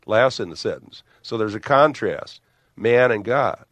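An older man leads a theological discussion in a lowish voice. He presses his points with emphasis and everyday illustrations. The sound is dry and close. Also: lively intonation, unhurried, fairly bright tone, dry recording. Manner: emphatic, builds arguments with illustrations. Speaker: Bible teacher.

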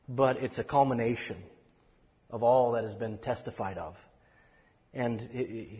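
A man's voice: mid-range voice, slightly rough. A man teaching a Bible study, explaining scripture earnestly with many restarts and emphatic stresses. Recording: dull lo-fi audio with long hall reverb.

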